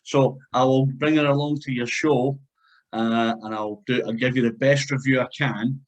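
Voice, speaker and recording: Male interviewer, chatty, quick to laugh, video-call audio. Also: mid-range voice, fairly even intonation, lo-fi sound. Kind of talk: casual chat.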